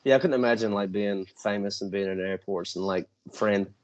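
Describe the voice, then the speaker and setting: A man's voice: fairly low pitch, fairly quick. A man hosting a podcast, chatting in an easygoing way. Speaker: podcast host. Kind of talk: casual chat.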